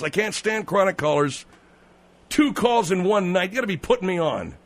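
A man hosting a call-in radio talk show, gruff and exasperated. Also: sits high, expressive, moderate pace.

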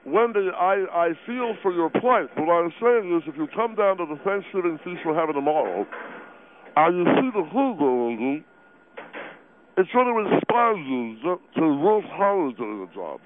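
A man's voice: high-pitched, expressive, fast, noisy background, voice pushed up. A man voicing a smug, pompous male businessman who talks with his mouth full and lectures callers. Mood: condescending. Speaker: guest. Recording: tinny phone line.

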